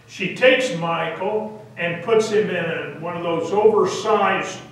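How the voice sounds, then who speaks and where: Pastor guy telling a story at the pulpit, high-ish voice, slow and careful, big church echo. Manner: deliberate, with hesitant fillers. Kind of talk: sermon storytelling. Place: church sanctuary. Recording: echoey church from a distance.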